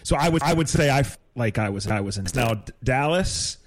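Halting man stumbling over repeated words. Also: mid-range voice, animated, a crowd in the background. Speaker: podcast co-host. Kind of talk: casual sports chat.

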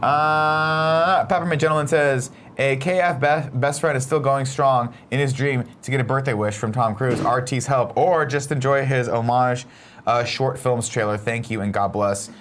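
A man's voice: medium pitch, steady tone, moderate pace, fairly bright tone, slight background noise. A man co-hosting a casual morning show, joking around and reading viewer messages aloud. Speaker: co-host.

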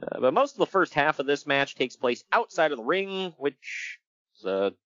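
A man with a fairly high pitch talks briskly as co-host of a casual wrestling-review podcast, laughing frequently through animated stories. Dry recording, dull audio.

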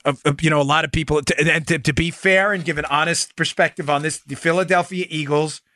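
A man's voice: a little high, steady tone, fast talker, bright, forceful tone, dry recording. A middle-aged man from New York hosting a political commentary podcast, emphatic and firing off rhetorical questions to his listeners. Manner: emphatic, fires rhetorical questions, talks to "folks". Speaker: podcast host.

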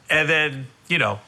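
Animated, bright-voiced male comedian telling stories. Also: a little high. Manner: animated storytelling, swears, laughs often, voices others. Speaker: stand-up comedian, podcast host. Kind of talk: casual chat.

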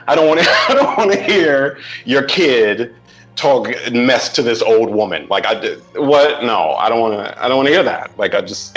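A man on a movie-discussion panel, blunt and animated, with exaggerated outbursts. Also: medium pitch, lo-fi sound. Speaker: podcast panelist.

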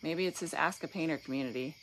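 A woman's voice: deep voice, fast talker, a little hiss or hum. A woman with a Southern accent, a business owner talking casually and candidly on a phone livestream, rambling and poking fun at herself. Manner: candid, rambling, self-deprecating. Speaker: painting business owner guest host.

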